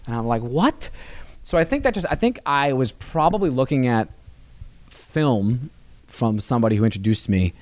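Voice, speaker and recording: A man, a stand-up comedian, chatting as a podcast guest in a rambling, animated way with many restarts. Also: mid-range voice, normal speed, no echo. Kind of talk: casual interview chat. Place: comedy club.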